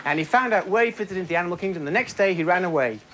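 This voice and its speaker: A man's voice: high-pitched, lively intonation, very fast, over a noisy crowd. A man telling rambling jokes in a stand-up routine on a comedy club stage. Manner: rambling, self-interrupting joke telling. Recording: noisy live club recording.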